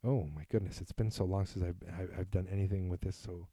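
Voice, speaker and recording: A man's voice: deep voice, steady tone, quick pace, warm tone, no echo, studio quality. A man from New England hosting a casual solo podcast, reading listener emails aloud and rambling with self-deprecating asides. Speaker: podcast host.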